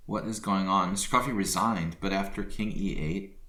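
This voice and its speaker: A man's voice: deep voice, normal speed, bright, forceful tone, echoey room. A man hosting a live chess stream, chatting casually with viewers and thinking aloud about his moves. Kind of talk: casual live-stream commentary while playing.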